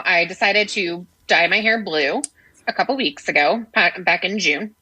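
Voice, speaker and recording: Bright-voiced woman telling a candid story. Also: fairly low pitch, normal speed, husky, rough recording. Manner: candid, frank storytelling with mild swearing. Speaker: podcast co-host. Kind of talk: casual chat.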